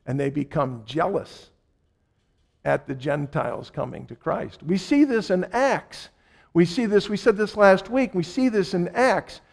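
A man with a high voice preaches a sermon. He repeats key phrases to drive them home and slips into dramatic voices for the people he quotes. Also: animated, measured pace, creaky.

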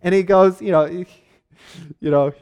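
Male preacher, high-pitched voice, chatty teaching sermon that slips into little character bits. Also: steady tone, darkish tone, clean tone. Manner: conversational, acts out characters in quick asides; frequent fillers and restarts, laughs lightly. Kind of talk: sermon, teaching on a Bible passage.

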